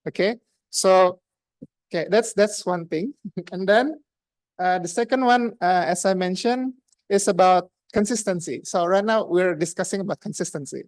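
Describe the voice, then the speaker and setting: In a mid-range, darkish voice with no echo, a woman with an Indonesian accent delivers the grammarian report at a speaking club. She keeps it chatty and interactive, using lots of fillers and repeatedly questioning the room.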